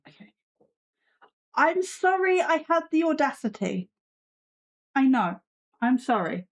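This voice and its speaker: A woman's voice: high voice, big pitch swings, slow. A woman hosting a casual live stream from her desk at home, chatting with viewers and her cat with a sarcastic, self-mocking humor.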